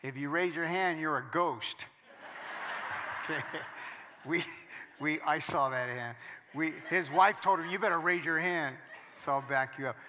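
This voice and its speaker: A male pastor delivering a sermon in a big reverberant hall. His voice sits a little high and rings bright. He moves from hushed storytelling to loud, emphatic preaching. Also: a little slow, long pauses, a little hiss or hum.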